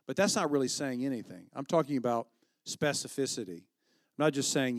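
A middle-aged male pastor preaches in a loose, talky way and often restarts his sentences. His voice sits at an ordinary pitch for a man. The sound is close and dry, with no room echo. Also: expressive, quick pace. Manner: conversational, with many restarts and quoted asides. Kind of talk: sermon.

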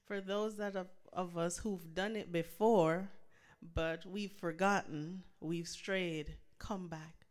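A woman minister speaks slowly after a sermon, her voice smooth and clear. She repeats each earnest appeal in a measured, patient way. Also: lowish voice, steady tone. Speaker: church minister giving the altar call. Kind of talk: sermon follow-up and invitation.

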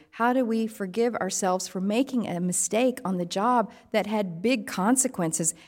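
A woman pastor giving a sermon, measured and reflective, posing strings of rhetorical questions. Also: mid-range voice, a little mellow, long reverb tail.

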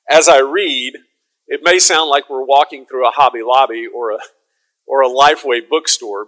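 A man preaching a sermon, conversational and casual, then rising to loud proclaiming. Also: medium pitch, poor audio. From American South. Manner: conversational, swings from soft asides to loud proclaiming.

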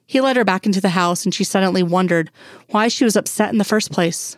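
A woman narrating a fan fiction story in a steady, measured way. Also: medium pitch, no echo, studio quality. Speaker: audiobook reader.

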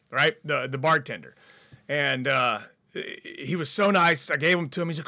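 A guest in a radio studio tells stories in a casual way, swearing often and acting out the people in them. His voice sits on the high side, with vocal fry and a measured pace, and he comes across as a profane, animated storyteller.

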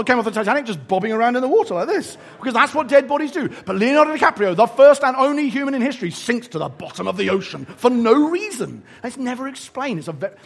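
A preacher delivering a sermon in a husky voice that sits fairly high. He talks in an animated, conversational way, using humor to make his points.

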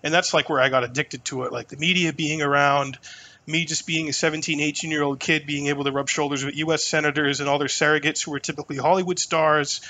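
Brief: podcast guest, man in his thirties, a touch high-pitched, loose and profane storyteller. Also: quick pace. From New Hampshire. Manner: animated, profane, lots of fillers. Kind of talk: casual storytelling conversation.

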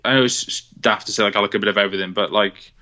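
A man's voice: lowish voice, steady tone, rapid-fire, sharp tone, lo-fi sound. A man from Wales, chatting casually about music, rambling with lots of fillers and restarts. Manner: rambling, many fillers and restarts, laughs easily. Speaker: guest on a music podcast. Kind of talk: casual chat. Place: on a phone call.

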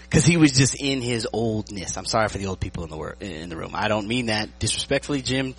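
A male pastor delivering a lively sermon, breaking into jokes and asking his listeners whether they are with him. His voice sits low, with a husky, breathy edge. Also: quick pace, hardly any pauses, rough recording. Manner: lively, joking, checks in with the audience.

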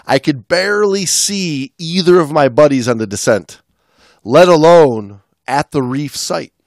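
A man's voice: on the high side, lively intonation, unhurried, dry recording, clean studio sound. A man co-hosting a podcast as a dive instructor, talking casually and rambling with many restarts. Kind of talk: casual chat.

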